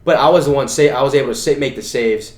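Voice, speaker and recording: A man's voice: medium pitch, fast talker. A young man co-hosting a casual podcast, telling rambling stories full of "you know" and "like". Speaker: podcast co-host. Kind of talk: casual chat. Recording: echoey room.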